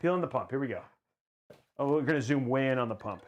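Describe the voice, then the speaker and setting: A man hosting a casual livestream while building a PC, excitable and rambling as he hypes the viewers' goals. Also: medium pitch, fast, lo-fi sound, faint music behind.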